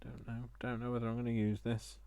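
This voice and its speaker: A man's voice: mid-range voice, completely flat delivery, fast talker, vocal fry, dark tone, clear, resonant tone. A man chatting to viewers while crafting, joking at his own expense. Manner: self-mocking, jokey asides to viewers. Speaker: craft vlogger.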